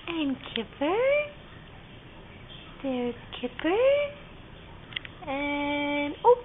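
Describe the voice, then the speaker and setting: A woman's voice: high voice, sing-song, measured pace, pauses often. A woman filming her cats at home, cooing to them in baby talk and imitating their meows. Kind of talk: home video, talking to pets. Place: bedroom at home. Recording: tinny lo-fi home video audio with faint hiss.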